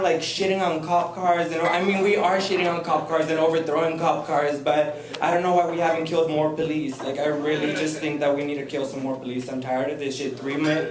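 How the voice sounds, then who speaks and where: A young man giving a live poetry reading, reading his poems slowly and evenly and joking brashly with plenty of profanity between them. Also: on the high side. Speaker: poet reading at an event. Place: indoor reading event. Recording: echoey room from far off, noisy.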